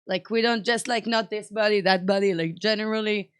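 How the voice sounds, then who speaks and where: A woman's voice: mid-range voice, steady tone, a little fast, clear, resonant tone, no echo. A woman, a podcast guest, chatting frankly with constant "like" fillers and some swearing. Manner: chatty, sprinkles "like", frank and profane. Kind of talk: casual chat.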